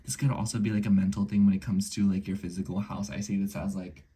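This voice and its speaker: Man, sick-ish, mellow and husky, loose chatty tarot reader who drifts into whispers. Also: deep voice, flat delivery, fast talker. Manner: rambling, many filler likes, slips into soft whispers. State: a little sick. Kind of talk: casual horoscope reading.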